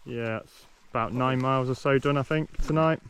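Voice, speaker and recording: A man's voice: mid-range voice, moderate pace. A man chatting casually as he walks an outdoor trail, easygoing, with frequent ums and restarts. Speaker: vlogger walking a long-distance trail. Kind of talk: casual walking vlog commentary.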